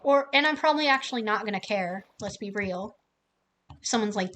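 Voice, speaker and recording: A woman streamer ranting casually and with plenty of swearing, acting out other people's lines in quick mock voices. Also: mid-range voice, expressive, a bit bright, a little hiss or hum.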